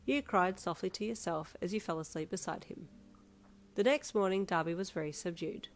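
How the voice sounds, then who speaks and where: A woman narrating a fan fiction audio story in a steady, even read. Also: fairly low pitch, moderate pace, slight background noise. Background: faint instrumental music.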